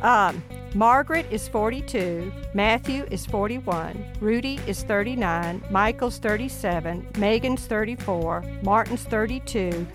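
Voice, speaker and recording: A woman in her sixties, a mother of ten, telling family stories in an earnest, animated way with laughs along the way. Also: medium pitch, unhurried, over music. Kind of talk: personal storytelling in an interview.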